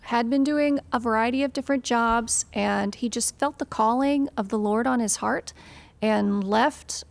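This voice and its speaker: A woman's voice: a little high, unhurried, gravelly, no room sound. A woman from Western Illinois sharing her upbringing in a casual podcast conversation, earnest and reflective.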